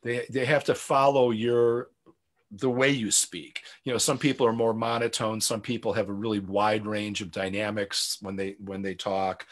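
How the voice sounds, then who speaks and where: A middle-aged man speaking as a guest drummer in a casual interview, rambling with many restarts and frequent "you know" fillers. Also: lowish voice.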